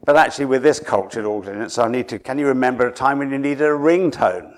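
A man's voice: medium pitch, a little fast. Dramatic preacher, a man from Suffolk. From Suffolk, England. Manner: dramatic storytelling, drops to a hush then rises for emphasis. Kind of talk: sermon.

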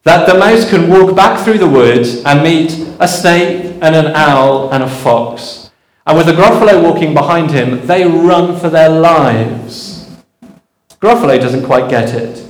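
Guy preaching a sermon, earnest, slightly high voice, echoey church sound. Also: a little slow. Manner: earnest, storytelling, with rhetorical questions.

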